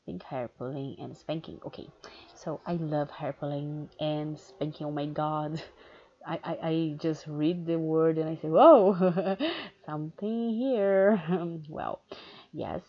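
A woman with a low, gravelly voice talks slowly and candidly in a casual question-and-answer chat, pausing often on fillers. The recording sounds dull and lo-fi. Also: little pitch movement. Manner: candid, hesitant with many fillers. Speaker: erotic audio creator.

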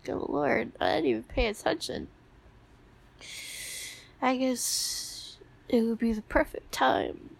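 A woman's voice: on the high side, takes it slowly, creaky, pauses often. Congested young woman, whispered role-play. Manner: soft, sleepy and giggly. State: congested from a cold. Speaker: ASMR performer playing a sick girlfriend.

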